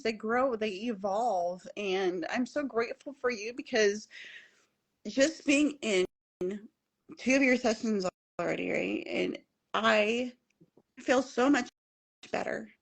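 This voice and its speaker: Earnest woman telling her own story. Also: fairly high pitch. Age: adult with children at home. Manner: earnest and emphatic, repeating key phrases. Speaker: podcast guest. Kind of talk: casual personal storytelling.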